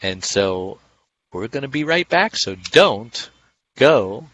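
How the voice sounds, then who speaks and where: A man's voice: mid-range voice, sing-song, slow pace, a bit bright, dull audio. A middle-aged man, an author and speaker, giving a rambling, casual monologue of anecdotes and lessons. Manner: rambling, acts out little dialogues in other voices.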